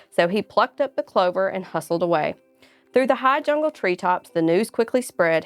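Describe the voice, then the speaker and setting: A woman's voice: medium pitch, expressive, normal speed, no room sound, faint music behind. A woman reading a rhyming children's bedtime story aloud in a rhythmic read-aloud manner. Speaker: storybook reader.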